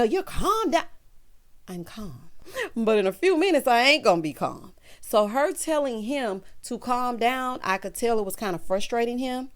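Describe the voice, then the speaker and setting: A woman, talking through a reality show recap. She is sassy and animated, and she slips into changed voices when she quotes people. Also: fairly high pitch. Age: 30s. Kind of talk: casual recap commentary.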